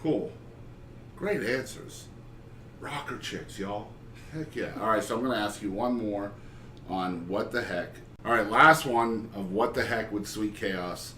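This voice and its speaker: A man's voice: fairly low pitch, measured pace, pushed and bright. A man hosting a casual interview, joking and bantering playfully with his guests. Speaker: podcast host. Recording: roomy, distant mic, faint noise.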